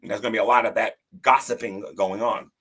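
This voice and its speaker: Gravelly low man on a livestream. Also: steady tone, fast talker, a bit bright. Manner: defensive, repeats words and restarts often. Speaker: livestream commentary host. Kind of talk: casual commentary on a livestream.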